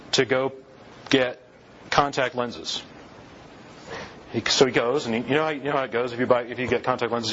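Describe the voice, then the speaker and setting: A man's voice: mid-range voice, fairly bright tone, highs cut off, a little hiss or hum. Man lecturing with lots of rhetorical questions. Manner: conversational, asks the audience rhetorical questions. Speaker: lecturer on church history. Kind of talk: classroom lecture.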